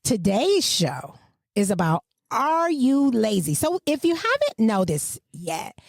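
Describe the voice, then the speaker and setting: A woman, co-hosting a podcast in casual chat and telling stories with swooping pitch. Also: takes it slowly, creaky, dry recording, clean studio sound. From Michigan. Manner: animated storyteller, swooping pitch. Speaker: podcast co-host.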